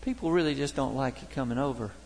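A Baptist pastor preaching a sermon, telling folksy, humorous stories from daily life. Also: male voice, medium pitch, fast, vocal fry, a little mellow, a little hiss or hum. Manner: folksy storytelling, homespun humor. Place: church sanctuary. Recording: long reverb of a church hall.

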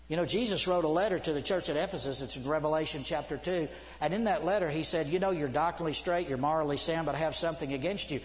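Middle-aged preacher, urgent and emphatic, slightly high voice, long reverb of a big church. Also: male voice, brisk. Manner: urgent, emphatic, swings from loud to hushed. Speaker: preacher, seminary dean. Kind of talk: sermon.

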